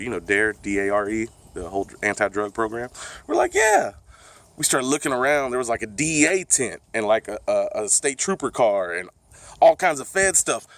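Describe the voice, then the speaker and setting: A man's voice: fairly low pitch, a bit bright. A man telling a story on his vlog, laid-back and profane, often laughing as he talks. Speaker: vlogger. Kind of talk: casual storytime.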